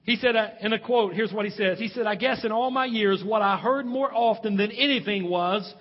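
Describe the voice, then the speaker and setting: A man's voice: high voice, a little fast, hardly any pauses, big-room sound, lo-fi sound. A male pastor preaching a sermon, stressing points and putting questions to his congregation.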